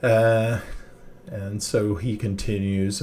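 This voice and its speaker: A man narrating a tabletop game as game master, halting with many fillers and restarts. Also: on the low side, vocal fry, darkish tone, slight background noise.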